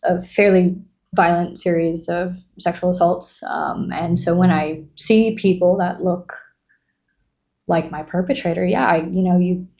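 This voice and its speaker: A woman hosting an interview, speaking gently and supportively in a measured way. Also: fairly low pitch, steady tone. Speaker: interview host. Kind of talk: empathetic interview conversation.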